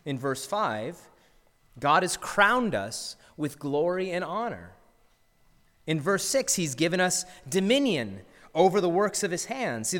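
A man's voice: on the high side, fairly bright tone, in a large hall. A male pastor preaching a sermon earnestly, asking his listeners rhetorical questions.

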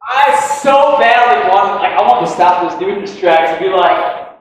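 High-voiced pastor preaching in an echoey hall. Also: male voice, moderate pace, a little hiss or hum. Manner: animated, swings between loud emphasis and quiet asides. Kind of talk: sermon. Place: church auditorium. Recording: echoey church hall, mic distant.

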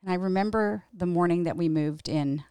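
A woman's voice: on the low side, normal speed, dark tone, clean tone, no echo, studio quality. A middle-aged woman who hosts a show and teaches the Bible, telling a personal story in a reflective, earnest and candid way. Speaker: podcast host and Bible teacher.

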